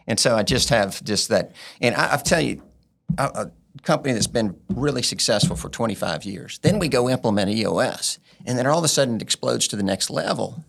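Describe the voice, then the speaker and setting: A man's voice: medium pitch, animated, fairly quick, creaky, fairly bright tone, husky. A man in a casual interview as a guest business implementer, telling earnest, rambling stories.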